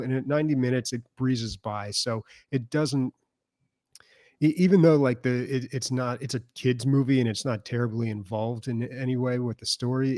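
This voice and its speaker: A man in casual podcast chat, talking in long loose runs full of fillers. His voice sits at an ordinary middle pitch. The sound is dry and close, with no room around it. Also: darkish tone, dry recording. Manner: rambling, filler-heavy storytelling. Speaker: podcast co-host.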